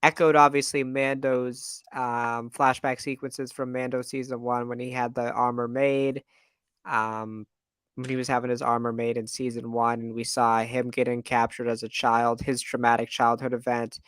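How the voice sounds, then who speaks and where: Man, podcast co-host, casual excited chat, smooth resonant voice, dry sound. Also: medium pitch, moderate pace, no room sound. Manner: enthusiastic, many fillers.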